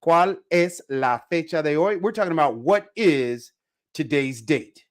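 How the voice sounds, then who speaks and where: A man teaching a casual live online Spanish lesson, repeating phrases slowly for pronunciation. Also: on the high side, expressive.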